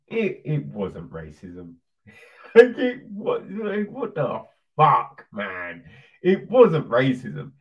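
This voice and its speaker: Sweary sarcastic rant, slow but swoopy, sounds far off and kinda muffled. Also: medium pitch. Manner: profane, sarcastic, heated. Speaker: commentator. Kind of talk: ranting opinion monologue. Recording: distant dull lo-fi sound.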